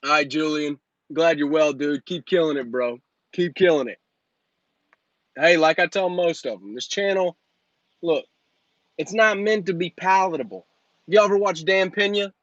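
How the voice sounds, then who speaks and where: A man's voice: on the high side, moderate pace, long pauses, fairly bright tone, dry recording, muffled recording. A man in his thirties hosting a live Q&A as a business coach, talking in a brash, joking, motivational way into a phone. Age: 30s. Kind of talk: live Q&A stream.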